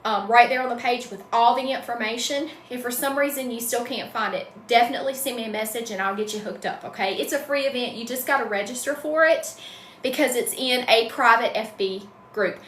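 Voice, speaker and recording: Southern woman, middle-aged, bright-pitched, chatty livestream host in an echoey room with faint hum. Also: brisk. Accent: Southern American. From Southern US, North Carolina. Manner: chatty, greets viewers by name, says y'all. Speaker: wreath-making livestream host. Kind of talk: casual livestream chat.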